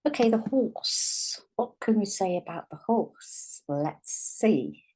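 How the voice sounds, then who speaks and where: Slow, patient woman teaching writing. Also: mid-range voice, lively intonation, mellow, slightly rough. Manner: slow, patient, dictating words as she writes. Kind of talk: dyslexia writing lesson, thinking aloud while writing.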